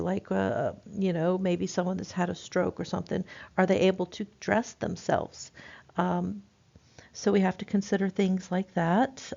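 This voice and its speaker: Gravelly low-voiced woman lecturing. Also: darkish tone. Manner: informal, many fillers and restarts. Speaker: nursing instructor. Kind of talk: recorded lecture. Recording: dull lo-fi lecture recording.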